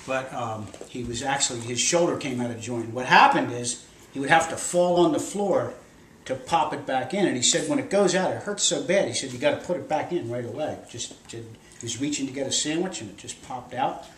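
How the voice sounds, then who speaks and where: An older man, a grandfather, telling a rambling, animated story to children in a casual way. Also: medium pitch, fairly quick. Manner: rambling, animated, acts out voices with shouts. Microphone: camcorder across the room. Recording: echoey room, distant camera, loud noise.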